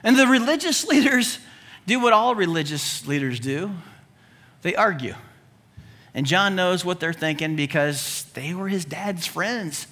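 A male pastor preaches with lively, joking energy, punching some phrases loudly and dropping low for asides. His voice sits high and sounds bright. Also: measured pace. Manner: animated and humorous, swinging between loud emphasis and low asides. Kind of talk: sermon.

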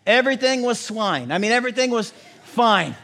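A man's voice: extremely high pitch, animated, fairly quick, gravelly, a bit bright, big-room sound, voice pushed up, full character voice. A man voicing a nervous, flustered male pig herder making excuses to his boss. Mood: sheepish.

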